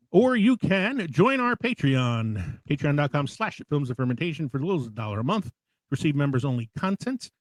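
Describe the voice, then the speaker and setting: A man hosting a casual podcast, telling a dramatic deadpan story before loose, chatty banter. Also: mid-range voice, no room sound, poor audio. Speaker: podcast host. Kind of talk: casual podcast chat with a comic spoken intro.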